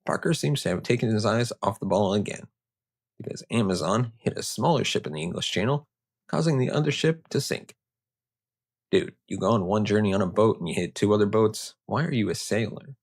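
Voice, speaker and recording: A man's voice: on the low side, expressive, a little fast, gravelly, breathy edge. A man hosting a history show, narrating with joking, conversational asides. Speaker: host.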